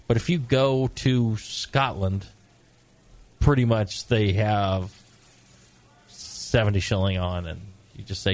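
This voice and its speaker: A middle-aged American man co-hosting a casual brewing talk show, joking and lively, sometimes putting on gruff voices. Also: lowish voice, takes it slowly, pauses often. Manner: animated, joking, mock-gruff put-on voices. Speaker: podcast co-host, brewing expert. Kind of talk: casual chat.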